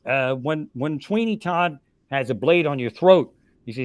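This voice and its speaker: A man in his sixties telling profane, animated comedy stories on a live podcast, with loud punchlines. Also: on the high side, a little slow, dry recording. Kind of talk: casual storytelling on a live podcast.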